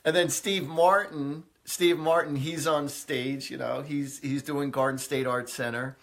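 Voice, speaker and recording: A man's voice: fairly high pitch, steady tone, unhurried, a bit bright. Man, live-stream host, casual storytelling, chatty, many fillers, frequent laughter. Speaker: psychic medium hosting a live stream. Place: indoors, live video stream.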